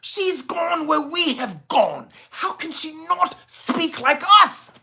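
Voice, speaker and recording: A man's voice: very animated, slow pace, creaky, sharp tone, full character voice. A man putting on a prissy over-proper snob. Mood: shrill indignant. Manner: exaggerated prissy enunciation, rising to shrill indignation. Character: prim, uptight, over-proper man mocking slang.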